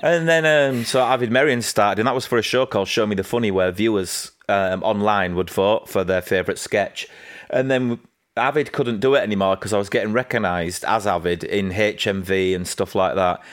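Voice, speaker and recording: A man with a Yorkshire accent, a guest in a casual interview, telling animated anecdotes and acting out what people said. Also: moderate pace. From England. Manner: animated anecdotes, acting out quotes with raised pitch.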